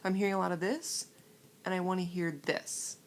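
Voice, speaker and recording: A young woman from Iowa rattles through stories in a casual, animated way, peppered with fillers. Her voice sits fairly low, with a gravelly fry running through it. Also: normal speed. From Iowa, USA. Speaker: vlogger. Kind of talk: casual storytelling.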